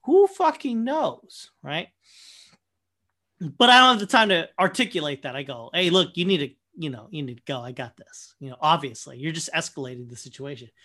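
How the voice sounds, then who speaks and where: A young man casually telling a profane, animated story, full of fillers and quoted asides. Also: a little high, a little fast. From Michigan, USA. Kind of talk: casual anecdote chat.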